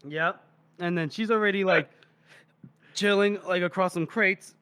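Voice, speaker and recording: High-voiced man retelling a story. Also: fairly even intonation, a little slow, bright, forceful tone, clean tone, no room sound. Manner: retells scenes, reading character lines with laughter. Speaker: podcast co-host. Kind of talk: casual book-discussion chat.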